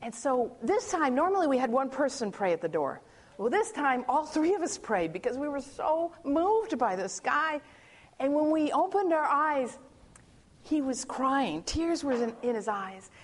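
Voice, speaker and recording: At a measured pace, a high-voiced churchgoer recounts her personal testimony with lively animation. She performs the voices of people in the story and frequently breaks off sentences to begin them again.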